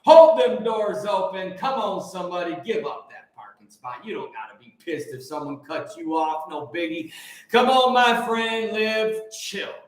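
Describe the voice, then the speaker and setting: A man giving a rousing, preachy monologue, shifting between shouts and low mutters and breaking into song. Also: big pitch swings, unhurried. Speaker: host. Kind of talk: fiery motivational monologue. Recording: very echoey room.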